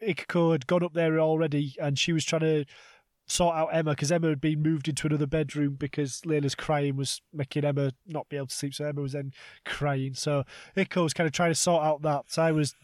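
A man in his thirties co-hosting a comedy podcast, telling animated stories and swearing freely. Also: on the high side, quick pace, dry recording, clean studio sound. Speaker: podcast co-host. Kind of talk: casual comedic chat.

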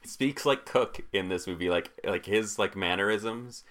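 A man's voice: fairly low pitch, normal speed, a bit bright. A man in his twenties chatting casually about films, rambling with lots of "like" fillers. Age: 20s. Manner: filler-heavy, rambling with frequent "like". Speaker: podcast co-host. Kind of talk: casual chat about movies.

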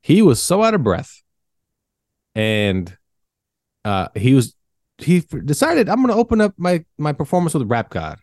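A man's voice: on the high side, wildly swooping pitch, measured pace, pauses often, darkish tone, dry recording, clean studio sound. A young adult man co-hosting a casual podcast chat, laid-back and rambling, swearing now and then. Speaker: podcast co-host.

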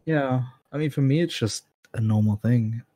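A man's voice: medium pitch, normal speed, dark tone, no room sound, studio quality. A British man in casual chat, answering in short, laid-back replies. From Britain.

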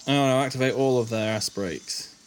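A man's voice: medium pitch, moderate pace, a little hiss or hum. A man swearing and muttering through casual commentary as he plays a game. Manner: sweary, animated, mutters under his breath. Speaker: gamer.

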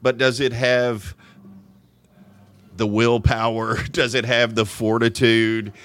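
A man's voice: medium pitch, level tone, takes it slowly, a bit bright. A man with a Louisiana accent co-hosting a live podcast, chatting loosely and often restarting sentences. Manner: rambling, restarts and chuckles. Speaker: podcast co-host. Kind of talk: live casual podcast chat.

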